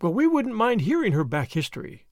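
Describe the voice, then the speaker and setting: A man voicing an eager, chatty young woman with a bubbly, excitable manner. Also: sits high, normal speed, dry recording, clean studio sound, pitched above the performer's own voice. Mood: guarded.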